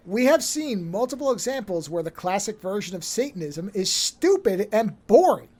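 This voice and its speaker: A man co-hosting a podcast, recapping a horror film in an animated, rambling way with many restarts. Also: high voice, moderate pace. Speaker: podcast co-host. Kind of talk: casual film-discussion chat.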